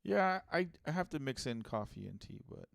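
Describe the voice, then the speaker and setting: Gravelly-voiced man bantering on a podcast. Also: mid-range voice, sing-song, normal speed, no room sound. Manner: banters, swears, reads news loosely. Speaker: podcast co-host. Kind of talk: casual comedic chat.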